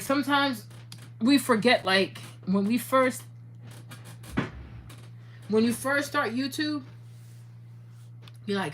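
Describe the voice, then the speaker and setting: A young adult woman talking straight to her viewers in a casual, animated monologue, cursing freely and slipping into preachy advice. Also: on the high side, slight background noise. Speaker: YouTuber.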